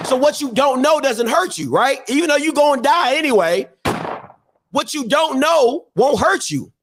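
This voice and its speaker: Man host, very high voice, loose rhetorical riffing, computer mic. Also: expressive, background noise. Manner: repeats himself, drawn-out rhetorical questions. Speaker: show host. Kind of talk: casual live-stream commentary.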